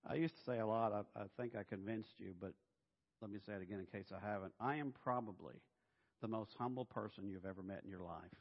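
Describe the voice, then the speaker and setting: A man's voice: on the low side, fast. Middle-aged man preaching in a reverberant hall. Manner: animated, humorous, acts out voices. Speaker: pastor. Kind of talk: sermon. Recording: dull sound in a reverberant hall.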